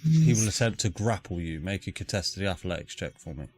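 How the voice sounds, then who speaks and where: A man's voice: low-pitched, expressive, a little fast, darkish tone, soft background music. A man, narrating a live tabletop game as dungeon master and calling out rolls and damage.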